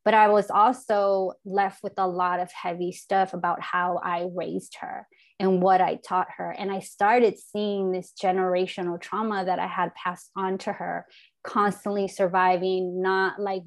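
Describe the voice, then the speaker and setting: A woman in her forties talks openly and reflectively, her voice sitting at an ordinary middle pitch. She speaks casually and earnestly as a host in conversation, with a swear word here and there. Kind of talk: candid heartfelt conversation.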